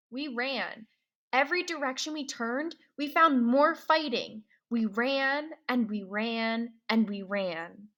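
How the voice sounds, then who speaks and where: A woman reading a novel aloud in the first person, pausing to ask comprehension questions, slow and clear. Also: a little high, a bit bright. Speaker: reader.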